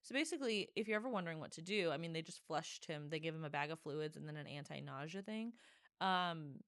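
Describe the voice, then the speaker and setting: A woman hosting her own podcast, telling a story in a casual, animated way, full of "like" and dramatic asides. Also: low-pitched, fast, no echo, studio quality. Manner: animated, dramatic, filler-heavy with lots of "like". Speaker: podcast host.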